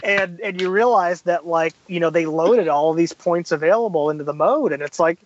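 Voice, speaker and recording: A man's voice: fairly high pitch, brisk, dry recording, lo-fi sound. A man guest on a podcast, chatting casually and acting out quotes as he tells stories. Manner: animated storyteller, acts out quotes.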